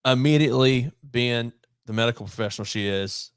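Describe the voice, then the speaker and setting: A man's voice: medium pitch, fairly quick, smooth, dry recording, studio quality. A man, a podcast guest telling a long personal story in casual talk, acting out bits of dialogue along the way. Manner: long anecdote with quoted dialogue and many restarts.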